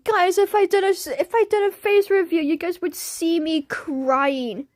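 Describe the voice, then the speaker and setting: A woman's voice: extremely high pitch, normal speed, darkish tone, dry recording, clean studio sound. A young woman chatting on a livestream, laughing constantly in a giggly, silly way. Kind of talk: casual livestream chat.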